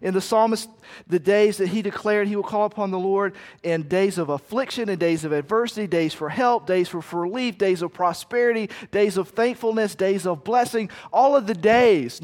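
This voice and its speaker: A middle-aged man delivers a sermon in a loose, conversational way, turning to the congregation with asides and little acted quotes. His voice sits fairly high for a man. The sound rings with a long reverb, like a large hall. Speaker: pastor.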